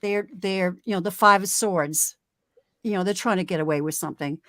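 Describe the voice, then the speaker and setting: A woman's voice: on the low side, normal speed, pushed and bright, dry recording, studio quality. A woman from Canada, chatting casually on a video call as a tarot reader, emphatic, with many fillers and restarts. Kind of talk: casual group chat, tarot reading.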